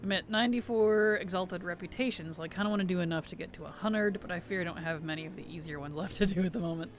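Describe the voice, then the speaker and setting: A man's voice: sits high, fast talker. A man chatting casually on a game live stream, answering viewer chat with easy laughs. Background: background music.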